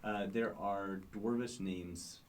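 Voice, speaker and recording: A man running a tabletop game as dungeon master, describing the scene calmly and plainly in a game store. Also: fairly low pitch, takes it slowly, slight background noise.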